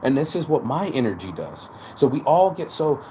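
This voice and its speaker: A man giving a casual, animated motivational talk, preachy and peppered with swearing. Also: medium pitch, moderate pace, a little hiss or hum. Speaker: motivational vlogger.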